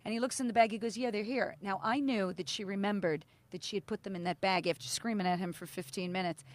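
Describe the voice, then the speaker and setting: A woman's voice: mid-range voice, fast, no room sound. A middle-aged woman, co-hosting a casual podcast chat and telling stories, acting out quotes and swearing freely. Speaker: podcast co-host.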